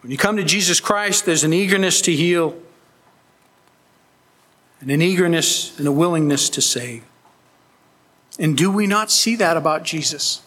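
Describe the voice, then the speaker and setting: A man's voice: on the high side, normal speed, pauses often, fairly bright tone. A man preaching a sermon as pastor, earnest and emphatic, pleading with his listeners. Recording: long hall reverb.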